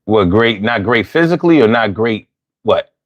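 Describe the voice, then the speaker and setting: Man, talk show host, rhythmic repetitive slang, swooping pitch, dry close sound. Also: moderate pace, no echo, highs cut off. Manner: animated, repetitive, street slang. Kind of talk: call-in talk show monologue.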